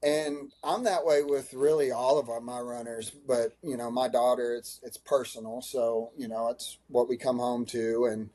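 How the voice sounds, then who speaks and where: Earnest, mellow-voiced man coach. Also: medium pitch, flat delivery, moderate pace, few pauses. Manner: earnest, emotional, rambling with many restarts. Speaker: high school cross country coach. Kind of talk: podcast interview answer.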